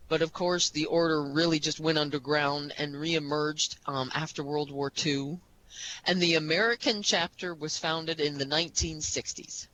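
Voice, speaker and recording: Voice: mid-range voice, fairly bright tone, slight background noise, low-quality recording. A podcast co-host talking casually about history, rambling with many restarts and "you know"s.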